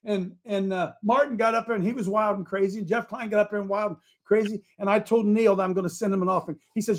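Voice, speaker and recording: A man hosting a talk show, delivering a fiery preachy monologue that swings from quiet asides to shouting. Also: sits high, steady tone, quick pace, few pauses. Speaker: radio show host.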